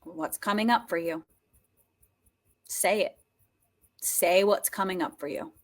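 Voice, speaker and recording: A woman guiding a tapping and healing session, talking slowly and emotively with many sighs, and coaxing listeners to repeat her phrases. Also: fairly low pitch. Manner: slow, breathy, emotive, with frequent sighs.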